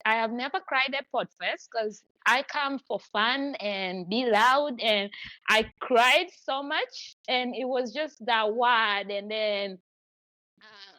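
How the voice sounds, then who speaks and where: A woman's voice: fairly high pitch, fairly bright tone, no room sound, rough recording. A woman hosting a podcast, chatting effusively in long run-on stretches. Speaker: podcast host. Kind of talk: casual chat.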